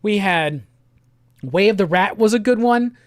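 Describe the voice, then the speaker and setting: A man hosting a casual live stream. He talks in a laid-back, slangy way and reads viewer comments aloud in quick bursts. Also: sits high, lively intonation, no room sound, clean studio sound. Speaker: livestream host. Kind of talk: casual livestream chat, reading viewer comments.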